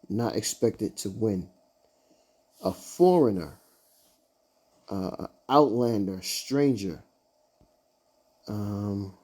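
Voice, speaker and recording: Halting, mellow-voiced man teaching scripture. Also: lowish voice. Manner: halting, searching for words, many fillers. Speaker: Bible teacher. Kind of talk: informal scripture study.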